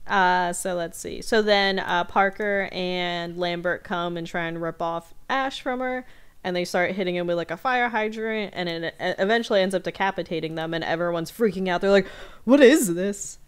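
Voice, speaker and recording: A woman co-hosting a podcast, recapping a film's plot in a breezy, chatty way with quick asides. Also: fairly low pitch, clear, resonant tone. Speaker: podcast co-host. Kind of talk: casual movie-reaction chat.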